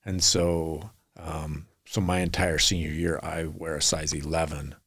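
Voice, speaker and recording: A man's voice: very deep voice, flat delivery, measured pace, a bit bright, breathy edge. A middle-aged man, a podcast guest, telling long earnest stories in a rambling way. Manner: earnest, rambling anecdotes with acted quotes. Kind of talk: storytelling in a podcast interview.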